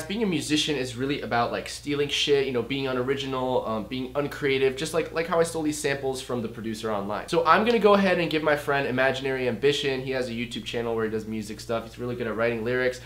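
A young man hosting a sarcastic comedy music-production tutorial, excitable and swearing, jumping to shouts. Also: fairly high pitch. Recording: roomy echo with faint music.

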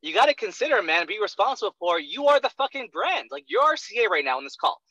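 A young man coaches a sales trainee in a blunt, profane rush, hammering each point and checking in with "right?" again and again. His voice sits a little high and very bright, and the dry, close sound comes through a dull lo-fi recording. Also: big pitch swings, quick pace, no echo. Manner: profane, emphatic, keeps asking "right?". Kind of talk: blunt one-on-one coaching talk.

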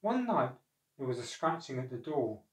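A man narrating a storybook, measured and expressive. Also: medium pitch. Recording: echoey room, far from mic.

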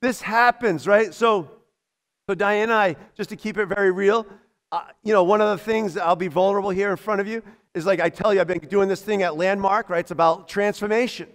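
High-voiced animated man preaching. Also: brisk. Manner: animated, acts out voices, laughs often. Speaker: pastor. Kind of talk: sermon. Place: church.

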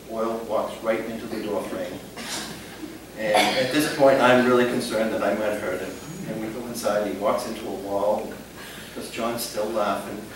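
An older man, a retired police officer, telling humorous anecdotes to an audience in a lively way, often laughing as he goes. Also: mid-range voice. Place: library meeting hall. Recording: echoey hall, mic far off, room noise.

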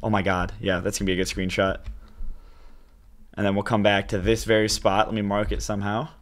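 A young man giving casual, excitable let's-play commentary to his viewers as he plays. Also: lowish voice, a little fast. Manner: chatty, excitable, talks to viewers as "you guys". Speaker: gaming YouTuber.

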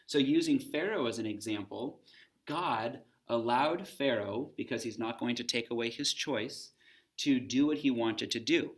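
A man's voice: mid-range voice, measured pace. A man teaching a recorded Bible lesson for students, talking in a conversational way and stopping to pose questions.

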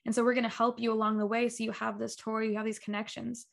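A young adult woman, a guest on a podcast, chatting casually and acting out remembered conversations with quick laughs. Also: a little high, creaky. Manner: animated storyteller, acts out quoted dialogue, laughs often. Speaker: guest, talk show creator. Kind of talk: casual interview chat.

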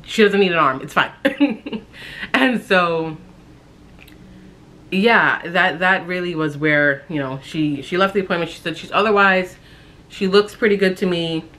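A young woman casually telling a personal story on her vlog, talking in a halting, reflective way with frequent fillers and restarts. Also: on the low side, fairly bright tone.

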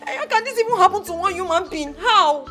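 A woman's voice: very high-pitched, lively intonation, fast talker, bright, forceful tone, soft background music, full character voice. An actress with a Nigerian accent playing a young woman in a film drama who wails and pleads with her father. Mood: distraught. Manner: wailing, pleading. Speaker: grieving daughter. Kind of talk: Nollywood film acting.

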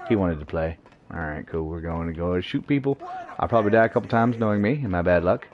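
A man's voice: deep voice, quick pace, muffled recording, noisy background. A man streaming a shooter game, commenting playfully as he taunts enemies and acts mock-offended. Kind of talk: live gameplay commentary.

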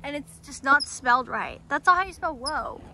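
A woman's voice: sits high, animated, moderate pace, pushed and bright. A young woman vlogging at a horse barn outdoors, chatting in a bubbly, playful way about her horse. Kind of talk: casual horse barn vlog. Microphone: action camera. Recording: noisy outdoor camera audio.

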